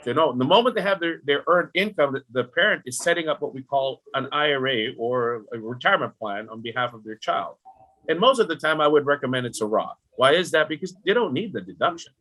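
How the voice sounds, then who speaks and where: Bright, animated middle-aged man. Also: medium pitch, fast talker. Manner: animated, rhetorical questions, talks directly to the listener. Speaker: retirement planning guest. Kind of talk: podcast interview explanation.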